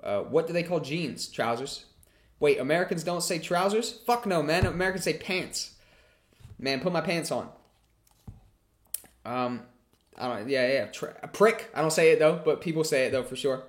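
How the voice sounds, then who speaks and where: A man's voice: on the high side, expressive, moderate pace, long pauses. A man hosting a casual livestream Q&A. He reads chat questions aloud and answers them in a chatty way, swearing freely.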